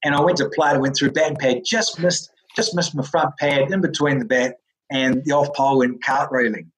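A former cricketer from New Zealand with a New Zealand accent, telling animated stories as an interview guest, laughing often and acting out the voices of others. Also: male voice, medium pitch, a little fast, low-quality recording. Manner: lively, laughs often, acts out quoted voices. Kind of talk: animated storytelling.

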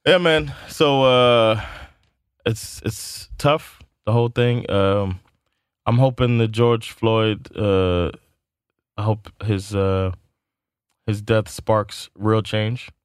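A man's voice: lowish voice, fairly even intonation, slow pace, clean tone, no echo, clean studio sound. A man co-hosting a casual talk show, blunt and frank, laughing often and swearing freely. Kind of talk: casual chat.

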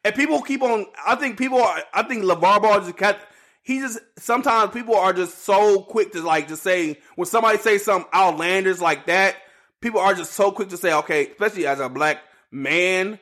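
A man with hosting a casual solo sports podcast, rambling and animated, repeating himself in slangy talk. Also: sits high, brisk. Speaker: podcast host.

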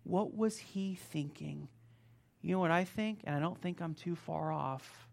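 A man's voice: fairly high pitch, measured pace, gravelly, a little mellow. A man preaching a sermon, reading scripture aloud and commenting on it, talking emphatically and straight to his listeners.

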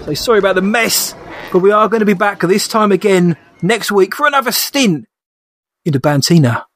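A man's voice: high-pitched, animated, a little fast, noisy background. A man co-hosting a podcast in casual chat, hesitant with fillers and laughing often. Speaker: podcast co-host.

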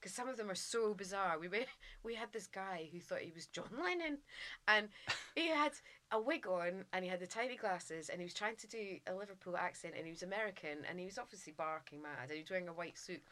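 A middle-aged woman, a guest in casual chat, telling lively anecdotes and laughing often. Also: lowish voice, fairly quick.

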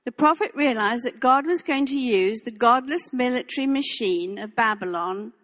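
A woman's voice: on the high side, moderate pace, fairly bright tone, long reverb tail. An older woman preaching a sermon in a church, impassioned and emphatic, repeating her phrases for weight.

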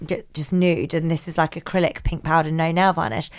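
A woman co-hosting a casual podcast, telling stories in a giggly, animated way. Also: deep voice, fairly quick. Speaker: podcast co-host. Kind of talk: casual chat, reading a listener letter.

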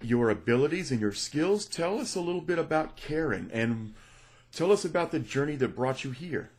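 A man hosting a radio talk show, interviewing a guest in a relaxed, joking way. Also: a little high, normal speed, breathy edge. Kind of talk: casual interview.

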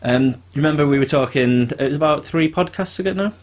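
A man co-hosting a casual podcast, relaxed and storytelling, with many ums and uhs. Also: a little high, quick pace. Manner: relaxed, filler-heavy, storytelling. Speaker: podcast co-host.

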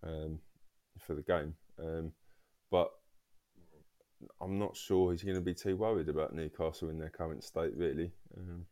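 Deep-voiced hesitant male co-host. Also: steady tone, unhurried, long pauses, warm tone. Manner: hesitant, stammers and repeats words. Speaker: podcast co-host. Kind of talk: casual football podcast chat.

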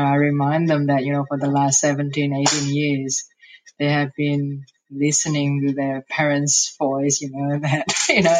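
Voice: medium pitch, background noise. An earnest, reflective speaker in a casual podcast conversation, often restarting sentences.

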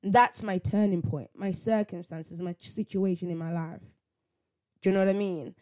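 A woman's voice: lowish voice, steady tone, moderate pace, mellow. A woman hosting a solo faith podcast, talking in a reflective, conversational way with many rhetorical questions. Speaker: podcast host.

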